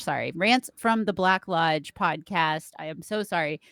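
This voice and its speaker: A woman's voice: deep voice, unhurried, gravelly, fairly bright tone, no echo. Apologetic woman podcast co-host, dry mic. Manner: apologetic, self-deprecating, swears freely. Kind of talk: casual chat.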